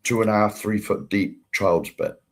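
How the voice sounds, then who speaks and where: A man's voice: lowish voice, moderate pace. A man co-hosting a casual chat show, telling blunt stories and laughing at himself. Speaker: podcast co-host.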